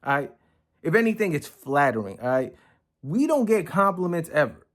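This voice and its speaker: Man, slightly higher voice, blunt profane reaction commentary, acts out quotes. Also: sing-song, normal speed. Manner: acts out other people's lines in quoted voices.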